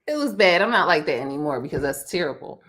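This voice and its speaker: A woman's voice: sits low, fast. A woman, co-hosting a casual podcast and telling stories with lots of fillers and restarts. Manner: rambling, animated storytelling with many fillers and restarts. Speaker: podcast co-host. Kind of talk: casual chat.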